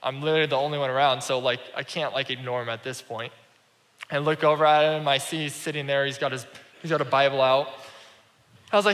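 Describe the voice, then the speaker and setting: A man's voice: a little high, steady tone, quick pace, a bit bright. A man giving a sermon, telling a personal story in a conversational way and acting out the dialogue. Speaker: pastor. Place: church sanctuary. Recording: reverberant church hall.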